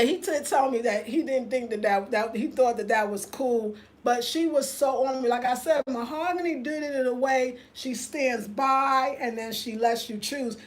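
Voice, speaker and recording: A woman, chatting live and telling a story with lots of laughter. Her voice sits high, and she talks in an animated way, reading viewers' comments aloud as she goes. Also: a little hiss or hum. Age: 50s. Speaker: livestream host. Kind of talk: casual live chat.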